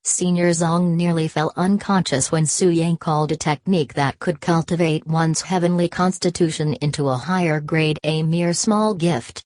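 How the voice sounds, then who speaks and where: A woman narrating an audiobook in a steady, even reading manner. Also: deep voice, moderate pace, few pauses, dry recording. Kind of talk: scripted narration.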